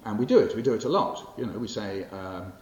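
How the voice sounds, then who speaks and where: An older man from England delivers a public lecture on poetry in a library hall. He talks in a wry, conversational way, full of asides and restarts, and his voice sits low. The recording is roomy and dull, with a faint hiss underneath. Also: animated, brisk, a little mellow. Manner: conversational and wry, with frequent fillers and self-corrections. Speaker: poet giving a public lecture.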